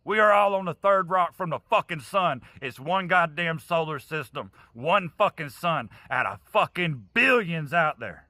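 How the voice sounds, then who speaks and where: Furious male ranter, swears constantly, sharp high voice, dry close sound. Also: lively intonation, unhurried, few pauses, no echo. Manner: heavy profanity, angry and preachy. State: angry. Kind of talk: impassioned vlog rant.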